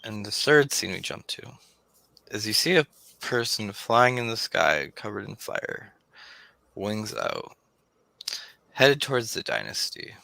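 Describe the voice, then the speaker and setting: Slow gravelly male game master. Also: fairly low pitch, big pitch swings, sharp tone, dry recording. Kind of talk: narrating a tabletop game stream.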